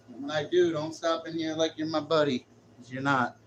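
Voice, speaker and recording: A man's voice: fairly high pitch, steady tone, brisk, lo-fi sound, background noise. A man livestreaming, chatting brashly and jokingly straight to his viewers with plenty of slang. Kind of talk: casual livestream chat.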